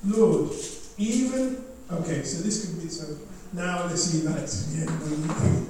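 A man with a sore throat giving a rambling, self-deprecating devotional talk, reading scripture aloud with halting restarts. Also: on the high side, expressive. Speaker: devotional speaker. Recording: echoey room, distant mic, faint noise.

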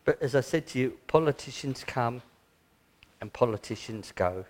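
Man preaching, earnest and conversational, mid-pitched voice, then leading prayer. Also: expressive, moderate pace, darkish tone. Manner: earnest, conversational, breaks into mocking asides. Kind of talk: sermon closing in prayer.

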